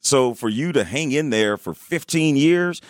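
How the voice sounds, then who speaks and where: A man's voice: medium pitch, lively intonation, a little slow, dry recording, clean studio sound. A man co-hosting a radio talk show, chatting conversationally with frequent restarts. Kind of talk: casual radio banter. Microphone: studio microphone.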